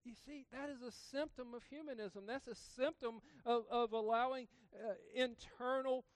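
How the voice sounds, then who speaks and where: High-voiced man preaching emphatically. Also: fairly even intonation, moderate pace, no room sound. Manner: emphatic preaching with rhetorical questions and sudden loud bursts. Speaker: pastor. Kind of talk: sermon.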